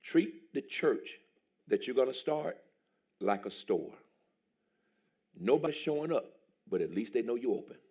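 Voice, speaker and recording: A pastor preaching a sermon in a church, a man who jumps into a high excited voice and shouts as he tells stories. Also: measured pace, pauses often, husky. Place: church sanctuary.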